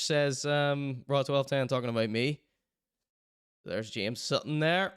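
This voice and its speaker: A man's voice: mid-range voice, a little slow, clear, resonant tone, no echo, clean studio sound. A man hosting his own online show, plugging t-shirts in a joking, rambling, self-mocking way. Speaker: show host.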